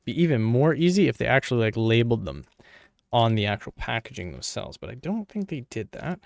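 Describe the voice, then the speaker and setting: Man, mid-pitched, playful self-talking commentary, dry close sound. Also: big pitch swings, brisk, creaky, no echo. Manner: playful, jokey, talks to himself and viewers. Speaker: PC hardware video creator. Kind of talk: casual running commentary while working.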